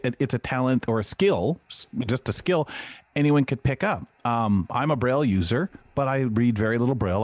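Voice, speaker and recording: Man, co-host, panel discussion, halting restarts, dry close sound. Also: fairly low pitch, a little mellow, dry recording.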